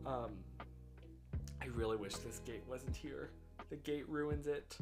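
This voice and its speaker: A man's voice: medium pitch, unhurried, pauses often, darkish tone. An American man streaming live, chatting casually and thinking aloud in a rambling, self-deprecating way. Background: faint lo-fi music.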